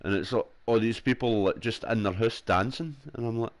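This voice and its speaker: A man's voice: on the low side, fairly quick, few pauses, dry recording. A young man with a Glasgow accent, chatting casually over a headset while gaming, swearing freely and laughing often. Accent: Scottish (Glasgow). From Scotland. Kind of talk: casual chat.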